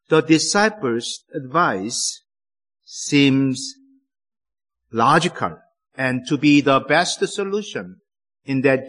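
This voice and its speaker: A man preaching a sermon in a deliberate, emphatic way, with careful pauses between phrases. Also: a little high, fairly bright tone.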